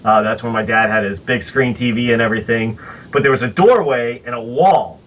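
A man's voice: mid-range voice, a little fast, a bit bright, distant mic, a little hiss or hum, low-quality recording. A man co-hosting a podcast, telling a childhood story with many hesitations. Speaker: podcast co-host. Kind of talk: casual storytelling over a call.

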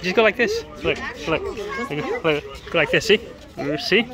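A parent's medium-pitched voice swings hugely in pitch at a normal speed while casually narrating a family vlog at an outdoor zoo. They playfully cheer on a child and address viewers, with a crowd of visitors audible in the outdoor recording.

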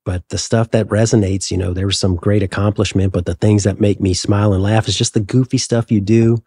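Middle-aged male guest, low husky voice, measured and hesitant, dry mic. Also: flat delivery, mellow, no echo. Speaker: guest, former military pilot. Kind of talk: reflective interview talk.

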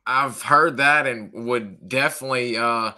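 Halting male podcast host, bright voice. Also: mid-range voice. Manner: halting, many restarts and fillers. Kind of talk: interview.

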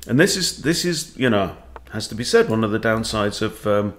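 A man's voice: fairly low pitch, animated, moderate pace. A man who coaches chess, thinking aloud as he plays and talking to himself with wry asides. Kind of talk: thinking-aloud game commentary.

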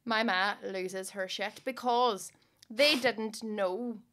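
A woman in her thirties with a Derry accent, hosting a casual podcast chat, bawdy and quick to laugh as she tells stories. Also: mid-range voice, fairly bright tone. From Northern Ireland. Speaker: podcast host.

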